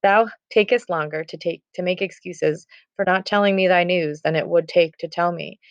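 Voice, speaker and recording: A woman's voice: fairly low pitch, normal speed, dry recording, close to an everyday voice. A woman reading the lines of an anxious, impatient teenage girl in love in a fairly plain voice, then restating them in modern words. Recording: dull, muffled recording.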